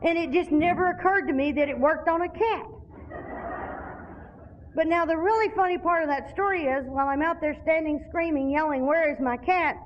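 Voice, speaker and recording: A high-pitched middle-aged woman spins a humorous personal story for a convention crowd. Her delivery is animated and folksy, with laughs running through it. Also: brisk, highs cut off. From Arkansas, USA. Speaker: recovery convention speaker.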